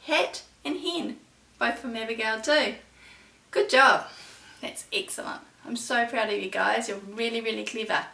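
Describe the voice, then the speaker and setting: A woman, a preschool teacher who reads poems and chats to young children in a warm, sing-song, encouraging way. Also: on the high side, measured pace, gravelly. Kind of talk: storytime lesson for young children. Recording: echoey room, voice from far off the mic.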